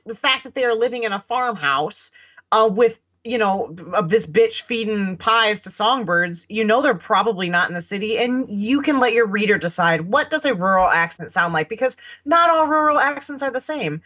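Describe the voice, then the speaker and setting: A woman's voice: fairly high pitch, expressive, normal speed, bright, forceful tone. A woman from the Southern United States co-hosting a podcast, talking bluntly and casually about writing, with many restarts. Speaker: podcast co-host.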